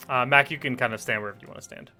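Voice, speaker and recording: A man running a tabletop game as game master, narrating the scene in a relaxed way with frequent fillers. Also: medium pitch, fast talker, soft background music.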